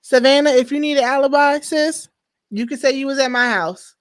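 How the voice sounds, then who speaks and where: A woman hosting a podcast, chatting casually with lively, emphatic slang. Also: sits high, normal speed. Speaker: podcast host. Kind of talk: casual chat.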